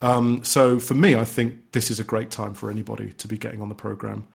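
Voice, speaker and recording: A low, level, somewhat fast voice with a creaky, breathy edge belongs to a man who makes independent games. Interviewed on a podcast, he responds keenly, rambling and repeatedly restarting what he's saying.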